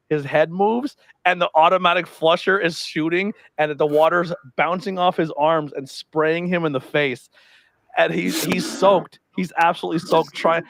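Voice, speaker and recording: A man's voice: fairly high pitch, creaky, no echo. Dry-voiced man telling a story. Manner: animated storyteller who acts out quoted voices. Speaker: podcast co-host. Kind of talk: casual storytelling chat.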